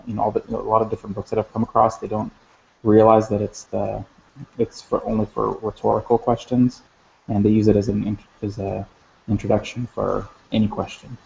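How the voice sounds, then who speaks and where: A man with a low, gravelly voice explains grammar in a recorded lesson. He talks in a flat, halting way, full of fillers and restarts, and the sound is dull and lo-fi. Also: a little hiss or hum. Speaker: language teacher.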